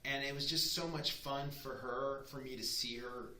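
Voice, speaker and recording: A man's voice: mid-range voice, moderate pace. A man in his thirties, a chef chatting as a guest, telling stories and acting out the people in them. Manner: animated storyteller acting out quoted voices. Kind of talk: casual chat. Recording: echoey room with faint noise.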